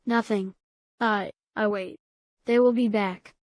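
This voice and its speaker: A woman's voice: mid-range voice, steady tone, no room sound, close to an everyday voice. A woman reading the part of a frightened boy who stammers as he thinks aloud. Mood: anxious. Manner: halting, stammering. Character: scared, clever boy Simon trapped in tunnels.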